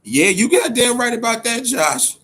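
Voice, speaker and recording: A man hosting casual, profane boxing commentary, animated and repeating himself as he talks to his audience. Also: very high-pitched, moderate pace.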